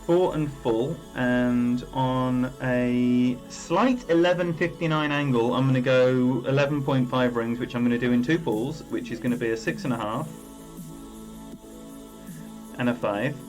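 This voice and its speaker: A man talking through his game live, chatty and rambling, stopping to greet viewers by name. His pitch sits in an ordinary middle range. Faint music plays underneath. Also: normal speed, hardly any pauses, darkish tone. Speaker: game streamer. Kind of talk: live-stream game commentary.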